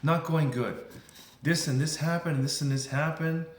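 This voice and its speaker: A man's voice: mid-range voice, expressive, pushed and bright, slight background noise. Man putting on a stressed, complaining woman customer. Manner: rushed, complaining, exasperated. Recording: roomy echo.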